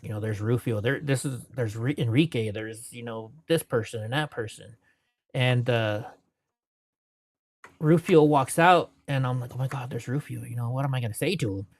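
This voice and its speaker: A man with a mid-range voice appears as an interview guest, telling stories from his life in a rambling, casual style and filling his talk with "you know."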